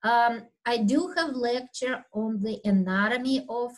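A woman instructor giving a recorded anatomy lecture over slides, speaking loudly in an unhurried, explanatory way with fillers and throat clearing. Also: fairly high pitch, poor audio. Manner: talks loudly by habit.

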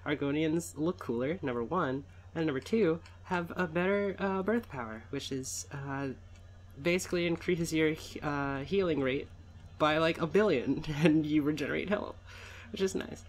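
A man's voice: a little high, moderate pace. A man in his twenties giving casual, rambling gameplay commentary, swearing and correcting himself often. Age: 20s. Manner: rambling, profane, self-correcting. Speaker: let's play host.

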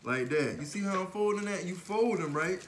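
A man's voice: high-pitched, lively intonation, a little fast, slight background noise. Playful man in an echoey kitchen. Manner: playful, teasing, loud bursts of laughter. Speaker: co-host of a couple's cooking show. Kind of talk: joking cooking demonstration. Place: home kitchen.

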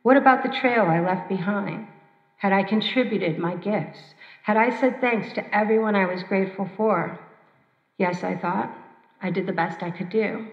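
A woman performing a personal story at an open mic, measured and reflective, with dramatic pauses. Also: medium pitch. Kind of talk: spoken-word personal storytelling. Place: church hall. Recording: roomy, dull church hall recording.

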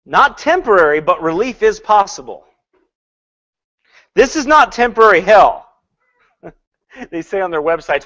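A man preaching a sermon in an animated way, swinging between loud and hushed, laughing often and mocking with put-on quotes. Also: high-pitched, measured pace, long pauses.

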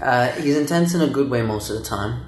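A man's voice: medium pitch, expressive, brisk, darkish tone. Laid-back male guest, joking, casual chat; roomy echo. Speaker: guest, yoga teacher. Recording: roomy echo, faint noise.

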